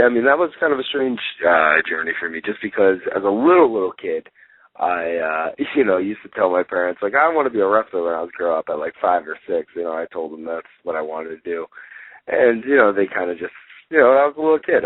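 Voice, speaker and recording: A man in his twenties, a guest on a radio talk show, telling stories in a relaxed way with lots of fillers. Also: low voice, no echo. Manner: relaxed storytelling, many fillers, laughs easily. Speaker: guest wrestler. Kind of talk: casual interview. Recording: dry, tinny phone line.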